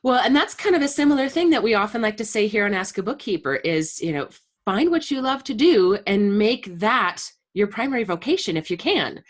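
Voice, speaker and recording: A woman's voice: medium pitch, animated, a little fast, few pauses. A woman co-hosting a casual live-stream chat, speaking in a friendly, conversational way. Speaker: co-host.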